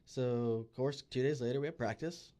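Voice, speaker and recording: A man's voice: medium pitch, moderate pace. Chatty man telling a story. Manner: animated storyteller who acts out quoted people. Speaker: podcast co-host. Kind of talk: casual chat, storytelling. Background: podcast studio.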